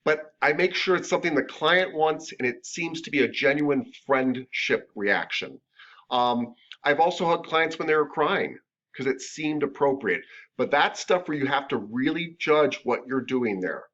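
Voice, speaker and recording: A man's voice: fairly high pitch, lively intonation, moderate pace, fairly bright tone. A man teaching a massage therapy class in a casual, joking, conversational lecture. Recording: dull lo-fi lecture recording.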